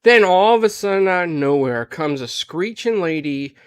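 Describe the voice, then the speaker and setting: A man in casual podcast chat, telling a long story with lots of energy and frequent filler words. His voice sits on the higher side, and the sound is close and dry with no room echo. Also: normal speed, smooth. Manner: animated retelling with frequent "like" and "you know". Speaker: podcast panelist.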